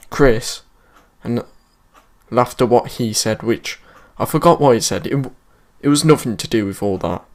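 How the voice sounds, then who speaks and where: A man's voice: medium pitch, a little mellow. A man with a British accent casually telling a school story in slangy, swear-filled speech. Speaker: vlogger.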